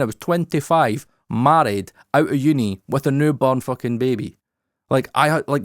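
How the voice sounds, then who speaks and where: Man in his thirties, podcast host, blunt and sweary, mid pitch, dry close studio mic. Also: no echo. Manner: profane, candid, animated. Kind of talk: casual podcast talk.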